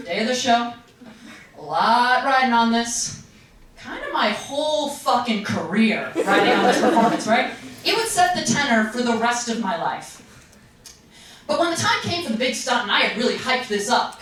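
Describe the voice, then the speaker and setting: A young woman performing a stand-up comedy set, self-mocking, with sudden jumps into high voices. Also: very animated, moderate pace. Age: young adult. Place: comedy stage with live audience. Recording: distant, roomy live recording with loud crowd.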